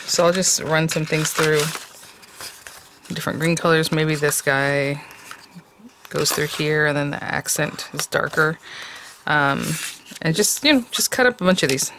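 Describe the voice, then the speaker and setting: Lady with a low voice talking through her card making, lots of ums, bit of hiss behind. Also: a bit bright. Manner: chatty, thinking aloud with many ums. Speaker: papercraft channel host. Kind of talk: casual crafting tutorial.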